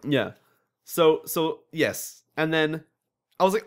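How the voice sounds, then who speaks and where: A young man hosting a casual gaming podcast, telling animated stories with lots of swearing and laughter. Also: fairly high pitch. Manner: fast, animated storytelling with frequent swearing and laughter. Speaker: podcast host.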